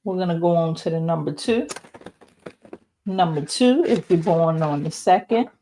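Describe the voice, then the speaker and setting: A woman giving an oracle card and numerology reading, talking slowly and reflectively straight to the viewer. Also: fairly low pitch, warm tone, slight background noise. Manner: slow, reflective, speaks to viewer directly.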